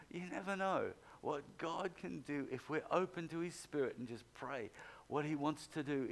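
A man telling a story from the pulpit. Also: on the high side. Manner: animated anecdote, acts out quoted people. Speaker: preacher. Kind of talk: sermon storytelling.

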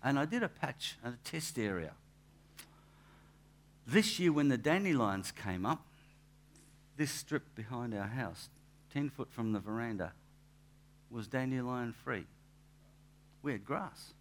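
A man, a pastor giving a relaxed, anecdotal sermon in church, with asides and restarts. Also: medium pitch, measured pace, long pauses. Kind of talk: conversational sermon.

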